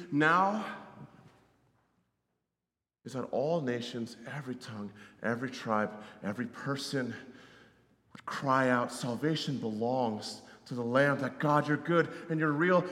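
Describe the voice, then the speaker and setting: A man preaching a sermon as a missionary, in a conversational way, often checking in with "right?" and swinging from loud to hushed. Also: a little high. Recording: roomy hall reverb.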